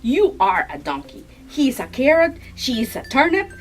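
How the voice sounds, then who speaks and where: A woman's voice: sits high, wildly swooping pitch, a little slow, a little hiss or hum, heavily acted. A prim little yam from a storybook, voiced by a woman reading aloud, forever correcting grammar. Exasperated and lecturing. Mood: fussy. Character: fussy, correcting male yam vegetable.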